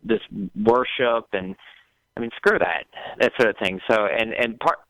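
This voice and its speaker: A male caller with a lowish, bright, forward voice and a dry sound with no room echo. He talks haltingly, restarting and repeating words as he works out his question. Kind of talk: call-in conversation.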